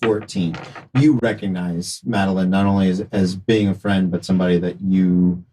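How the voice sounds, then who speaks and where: A man's voice: low voice, steady tone, normal speed, dark tone, breathy edge, poor audio. A man running a tabletop game as game master, narrating in an easygoing way with hesitant restarts.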